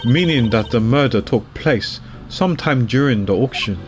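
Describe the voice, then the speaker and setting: A man playing a self-important prosecutor who lays out his case slowly and deliberately. Faint game music plays behind. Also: mid-range voice, expressive, close to an everyday voice.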